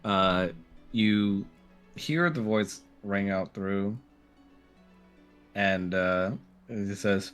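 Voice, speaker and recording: Low-voiced man running a tabletop game. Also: very slow, pauses often, smooth, soft background music. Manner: relaxed, hesitant with fillers, laughs often. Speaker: game master.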